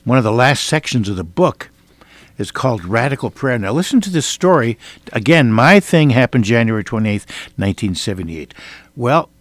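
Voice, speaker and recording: An older man from Iowa preaching a sermon, telling a personal testimony with earnest, dramatic swings between loud and hushed delivery. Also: medium pitch, very animated, normal speed. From Iowa, United States.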